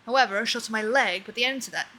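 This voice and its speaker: A woman's voice: on the high side, very fast, pushed and bright, rough recording. A woman reading game dialogue aloud as an older, weary villager with an old injury, in a mock British accent and formal, old-fashioned phrasing. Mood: wistful.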